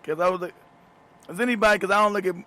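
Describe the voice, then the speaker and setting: Emphatic, profane man, higher voice. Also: racing, sharp tone. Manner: emphatic and profane, laughs often mid-sentence. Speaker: show host. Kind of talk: casual commentary monologue.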